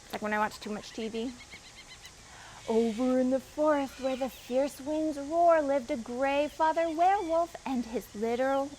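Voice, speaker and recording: A woman reads a children's picture book aloud in a high, bright-pitched voice, turning to the young listeners with questions between pages. Her storytime delivery is expressive. Faint outdoor sounds with birds drift in behind her. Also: slight background noise, low-quality recording. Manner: expressive reading with asides to the children. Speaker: children's librarian.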